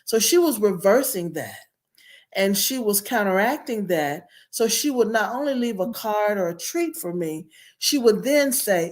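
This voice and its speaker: A woman's voice: mid-range voice, lively intonation, unhurried. Earnest middle-aged woman guest. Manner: earnest, reflective. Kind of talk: personal storytelling.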